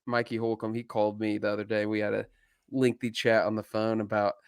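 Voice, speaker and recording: A man's voice: fairly low pitch, level tone, a little fast, clear, resonant tone, no echo, clean studio sound. A man co-hosting a live fishing podcast, chatting casually, often joking and laughing, with many ums. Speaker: podcast co-host.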